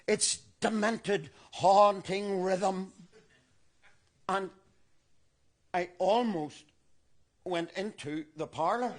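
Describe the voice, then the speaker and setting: An unhinged older loyalist, speaking with a Northern Irish accent in a fairly high voice. He delivers a theatrical monologue, sliding from quiet, brooding musing into shouted ranting. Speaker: stage actor in monologue.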